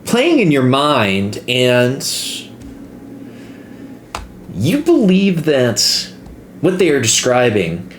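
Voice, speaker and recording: Slow, lively-voiced male game master. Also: medium pitch. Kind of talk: narrating a tabletop game. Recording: echoey room with faint noise.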